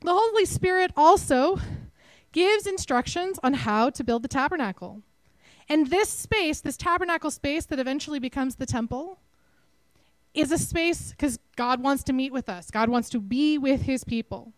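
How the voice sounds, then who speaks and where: High-voiced Texan woman preaching. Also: moderate pace, no room sound, poor audio. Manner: conversational, animated, self-deprecating. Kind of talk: sermon.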